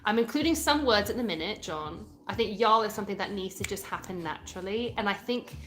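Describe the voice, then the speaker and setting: Chatting casually on a home live stream, this English woman in her thirties answers viewer comments in British English. Her mid-range voice is expressive and fairly bright, and she talks fairly quickly, indoors.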